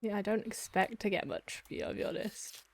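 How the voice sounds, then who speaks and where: A woman's voice: medium pitch, expressive, fairly quick, vocal fry. A young woman streaming a game, chatting casually, rambling and swearing now and then. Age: young adult. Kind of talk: casual gameplay chat. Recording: noisy stream audio.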